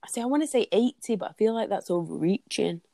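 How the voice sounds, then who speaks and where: A woman's voice: medium pitch, animated, quick pace, vocal fry, warm tone, no room sound. A British woman in casual chat, playful and sweary, telling stories and guessing answers with a giggle. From Britain. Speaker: podcast co-host.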